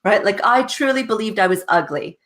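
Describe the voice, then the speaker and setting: A woman's voice: mid-range voice, lively intonation, fairly quick, fairly bright tone. A woman guest on a podcast, earnestly telling her story in a casual way and often asking "right?" with a light laugh. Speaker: guest, success coach.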